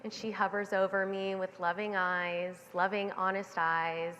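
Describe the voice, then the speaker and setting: A woman tells a story from a conference stage, jumping into the voices of the people in it. Her pitch sits in a middle range, and her words ring out with the long reverb of a big hall. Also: measured pace, hardly any pauses, a little hiss or hum. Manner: animated, acting out the voices in her anecdote. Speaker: keynote speaker. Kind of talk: storytelling keynote talk. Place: stage in a large event hall.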